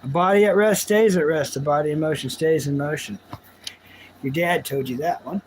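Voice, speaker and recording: A man's voice: a little high, normal speed, a little hiss or hum, rough recording. A man live-streaming, chatting casually with his viewers in a rambling, jokey, self-mocking way.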